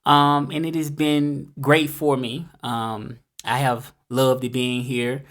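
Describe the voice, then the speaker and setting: Southern guy from memphis just chatting to the camera, chill and rambly, mid-pitched voice. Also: flat delivery, takes it slowly, fairly bright tone. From Memphis, Tennessee, US. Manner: laid-back and rambling, with many fillers. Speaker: vlogger. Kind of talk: casual monologue to camera.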